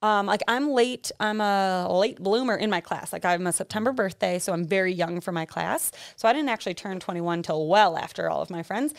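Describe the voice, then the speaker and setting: A woman's voice: mid-range voice, creaky. A woman in her twenties co-hosting a podcast, chatting casually and laughing often. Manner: giggly, animated, quick to laugh. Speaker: podcast co-host. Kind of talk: casual chat.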